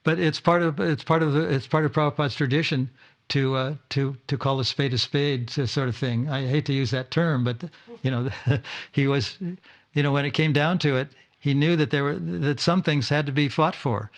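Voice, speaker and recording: A man's voice: on the high side, fairly even intonation, normal speed. An older man giving an informal talk to his disciples at a home gathering, often stumbling, repeating words and restarting sentences. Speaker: spiritual teacher.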